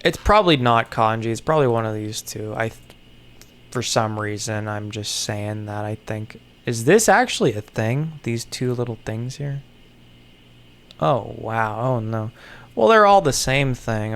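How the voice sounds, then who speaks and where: A man mutters and thinks aloud to himself in casual solo commentary. He talks slowly, with a gravelly, creaky voice and mid-range pitch, dropping sarcastic asides and offhand swearing. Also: animated, fairly bright tone. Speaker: content creator. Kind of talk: casual solo commentary while puzzling something out.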